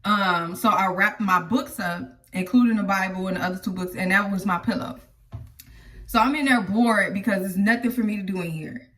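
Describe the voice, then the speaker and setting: A woman chats through a personal story to camera, often addressing her viewers directly. Her voice sits in a middle pitch and is picked up from a little way off the mic. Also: moderate pace, fairly bright tone, recorded from a distance. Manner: chatty, talks straight to viewers. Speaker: vlogger telling her life story.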